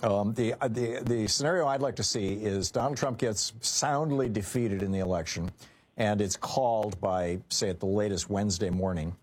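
A man's voice: fairly low pitch, normal speed. A man hosting a call-in radio talk show, conversational and opinionated with many fillers.

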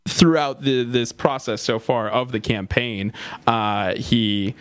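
A man's voice: mid-range voice, fairly even intonation, slow pace, smooth, no room sound. A man hosting a political talk podcast in a casual, indignant way, with frequent fillers and restarts. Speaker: podcast host.

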